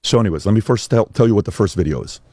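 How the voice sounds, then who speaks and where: Middle-aged man, casual storyteller, low voice, mellow, animated, puts on voices for quotes. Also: racing, no room sound, clean studio sound. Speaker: father and speaker.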